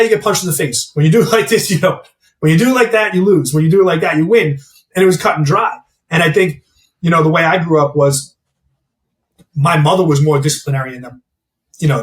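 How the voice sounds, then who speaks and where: A man who works as a mindset coach and gym owner, talking bluntly and candidly in a casual interview and swearing freely. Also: fairly high pitch. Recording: roomy, distant mic.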